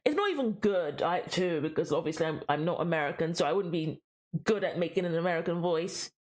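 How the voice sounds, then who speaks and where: A woman's voice: fairly low pitch, animated, brisk, darkish tone. A woman streaming a game, reading the story aloud and chatting with viewers in a chatty, self-deprecating way.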